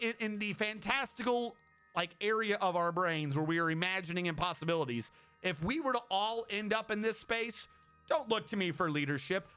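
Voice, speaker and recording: A man with a high, bright voice talks casually on a stream. He rambles, swears often and keeps restarting his sentences. Faint music plays quietly underneath. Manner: rambling and profane, with many restarts. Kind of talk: casual chat.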